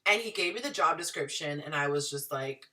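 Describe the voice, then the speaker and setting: A woman in her thirties telling her story to viewers in a chatty, animated way. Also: low voice, fairly quick, distant mic. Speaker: dating and relationship advice vlogger.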